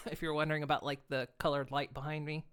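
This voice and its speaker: A woman's voice: deep voice, flat delivery, quick pace, clean tone. A woman streaming live, chatting casually and playfully, laughing often and hamming up her expressions. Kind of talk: casual livestream chat.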